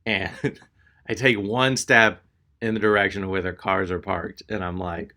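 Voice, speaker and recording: Bright-voiced male stand-up comic. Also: low-pitched, normal speed. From Texas. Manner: exasperated, animated storytelling. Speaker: stand-up comedian. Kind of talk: stand-up storytelling.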